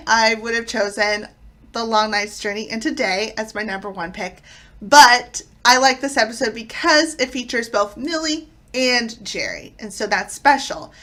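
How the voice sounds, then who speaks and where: A woman's voice: a little high, animated, a little slow, pushed and bright. A woman hosting her own video, reviewing old TV episodes in a chatty, conversational way. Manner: chatty, conversational, loosely paced. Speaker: video host.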